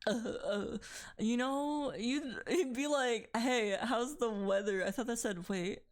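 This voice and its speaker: A woman's voice: a little high, slow. A woman streaming while she draws, chatting casually with a friend and her chat, laughing often and swearing freely. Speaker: art streamer.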